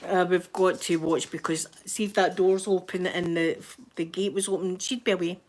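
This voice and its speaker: A woman's voice: on the low side, flat delivery, moderate pace, a little mellow, a little hiss or hum. A woman with a Glasgow accent, hosting her channel with a chatty, rambling manner and Scots words. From Scotland. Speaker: channel host. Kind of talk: casual livestream chat.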